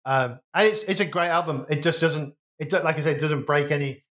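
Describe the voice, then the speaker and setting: A man's voice: on the high side, fairly quick, a bit bright. A man from the West Midlands of England, co-hosting a podcast, musing casually and correcting himself as he goes. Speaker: podcast co-host. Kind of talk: casual chat.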